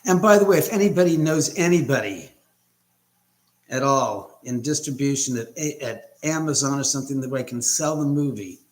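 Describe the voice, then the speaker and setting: A man's voice: medium pitch, expressive, normal speed. A man hosting a casual livestream from his house on a laptop mic, rambling and greeting viewers by name. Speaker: livestream host. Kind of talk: casual live chat.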